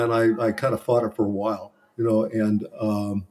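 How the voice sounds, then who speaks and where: A man's voice: fairly low pitch, brisk, a little mellow. A middle-aged man, a business consultant, reflectively and earnestly recounting his own mistakes as a podcast guest. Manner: reflective, earnest, self-critical. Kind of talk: candid conversational storytelling.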